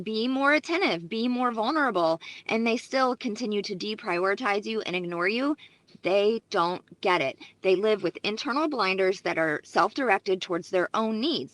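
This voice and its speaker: A woman's voice: mid-range voice, a bit bright, no echo. Emphatic female psychologist, dry sound. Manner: emphatic and explanatory. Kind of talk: relationship advice video.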